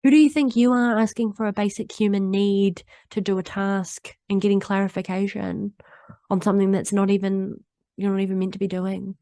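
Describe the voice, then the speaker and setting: A woman's voice: medium pitch, steady tone, moderate pace, dark tone, no room sound, studio quality, close to an everyday voice. A woman voicing her own inner bully demon, a contemptuous critic firing mocking, accusing questions at her. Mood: scornful.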